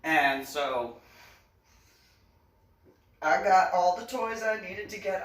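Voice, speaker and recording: A woman's voice: lowish voice, expressive, slow pace, long pauses. A woman from New Jersey telling a story in a casual vlog, chatty, often laughing and acting out what people said. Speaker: vlogger. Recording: roomy sound, distant mic.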